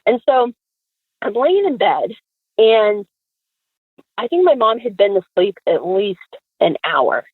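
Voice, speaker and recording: A woman tells a story in casual conversation with lively energy, acting out the dialogue as she goes. Her voice is mid-pitched and comes through a narrow, phone-like channel. The sound is dry, with no room around it. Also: slow pace, long pauses, breathy edge, no room sound. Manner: animated, acts out quoted dialogue. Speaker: podcast guest.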